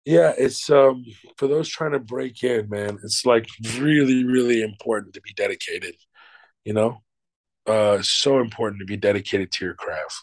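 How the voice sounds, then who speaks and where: A man's voice: medium pitch, moderate pace, no room sound, low-quality recording. A middle-aged man, an actor and showrunner, answering interview questions in a loose, emphatic way, swearing freely and using many fillers.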